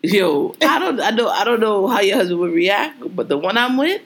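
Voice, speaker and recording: A woman's voice: medium pitch, sing-song, moderate pace. A woman co-hosting a podcast, talking bluntly in slangy, laughing banter. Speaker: podcast co-host. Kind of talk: casual chat.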